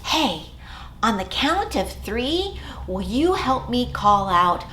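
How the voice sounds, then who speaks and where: A woman children's librarian hosting a storytime for small children, talking in an animated, exaggerated way with gasps and whispers. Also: on the high side, extremely slow, slight background noise.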